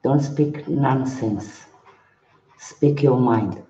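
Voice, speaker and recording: An older man speaks slowly and haltingly, with a dark, mellow tone and broken English. He is a monk chatting with viewers on a live stream, often repeating his words. The sound is roomy and a little dull. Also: medium pitch, fairly even intonation.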